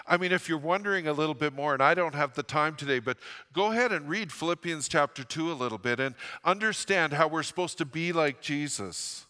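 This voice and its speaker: Bright-voiced preacher in a reverberant hall. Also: male voice, a little high, lively intonation. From Western Canada. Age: 50s. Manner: dramatic scripture reading, slowing and rising on quoted lines; drops to a soft confiding tone for personal stories. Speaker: pastor. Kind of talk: sermon. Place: church sanctuary. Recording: long hall reverb from a church sanctuary.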